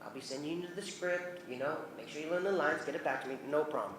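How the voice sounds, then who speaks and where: A man in his forties with a New Zealand accent, telling lively stories at a convention Q&A, acting out the voices of the people in his anecdotes and laughing often. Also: on the high side, quick pace, a little hiss or hum. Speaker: convention guest. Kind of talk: animated storytelling Q&A. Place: convention hall. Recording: roomy convention hall.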